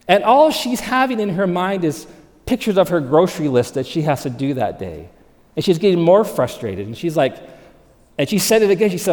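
A man preaching a sermon, animated, moving between loud emphasis and hushed, soft delivery. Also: a little high, normal speed. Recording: long reverb of a large hall.

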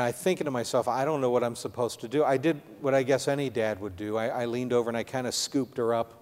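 A middle-aged man preaching a sermon testimony in an earnest, halting storytelling manner, speaking directly to his audience. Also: medium pitch, steady tone, a little mellow. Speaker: preacher sharing a personal testimony. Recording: long hall reverb.

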